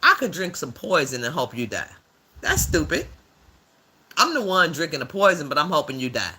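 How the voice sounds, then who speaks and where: A man voicing a blunt, rough-edged older woman who hosts a livestream and gives preachy commentary in a drawling, slang-filled way. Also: on the high side, very animated, normal speed, pushed and bright, exaggerated voice. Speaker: livestream host.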